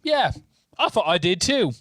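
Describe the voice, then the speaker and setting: A man's voice: sits high, big pitch swings, moderate pace, fairly bright tone, no echo. A man reading the part of a sulking, angry teenage boy wizard in a podcast read-through, complaining and dramatic. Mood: grumbling.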